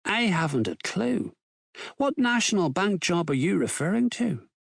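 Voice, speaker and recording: A man's voice: sits high, very animated, normal speed, gravelly, slightly rough, no room sound, clean studio sound, pitched above the performer's own voice, exaggerated voice. A man voicing a cocky middle-aged thief who teases and mocks in a mock-posh manner.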